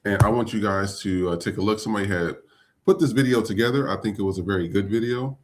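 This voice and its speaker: A man with a low, deep voice hosts a live podcast. He talks loosely and casually, with lots of fillers as he welcomes guests. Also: fast talker. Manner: loose, filler-heavy, chatty. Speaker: podcast host. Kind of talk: casual live-stream hosting.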